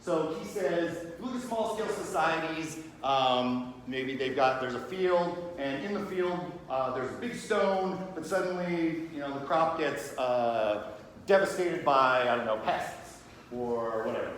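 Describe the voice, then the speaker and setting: A man's voice: fairly high pitch, a little slow, a bit bright. Man lecturing in a very echoey room. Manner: conversational, often checks understanding with "right?"; acts out short scenes in quoted voices. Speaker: religion lecturer. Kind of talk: casual classroom lecture. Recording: very echoey room, faint background hum.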